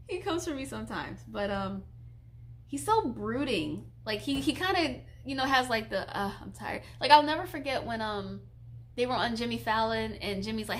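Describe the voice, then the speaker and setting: A woman's voice: a little high, expressive, normal speed. A woman in her twenties streaming casually, chatty and giggly, gushing like a fan while reading viewer questions. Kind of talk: casual live-stream chat.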